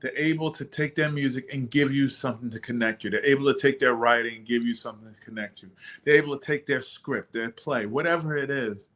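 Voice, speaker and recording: Steady, explaining podcast co-host. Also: male voice, medium pitch, fairly quick. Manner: steady, explaining, backchannels often. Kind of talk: casual chat.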